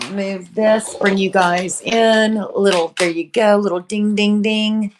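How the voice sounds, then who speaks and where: A woman's voice: fairly low pitch, slight background noise. A woman hosting a casual live painting demonstration, chatting and greeting viewers by name. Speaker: furniture painting livestream host.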